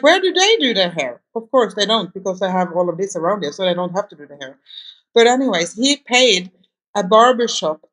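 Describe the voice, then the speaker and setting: Woman, interview guest, rambling storyteller, casual, halting restarts. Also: medium pitch. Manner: rambling, anecdotal, frequent restarts. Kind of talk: conversational storytelling.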